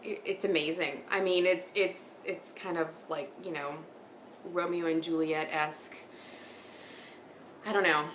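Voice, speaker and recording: A woman's voice: on the low side, fairly even intonation, measured pace, pauses often, a bit bright, roomy sound, slight background noise. A woman in her thirties hosting a knitting podcast, chatting casually and rambling, laughing often. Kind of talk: casual chat. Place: home sitting room.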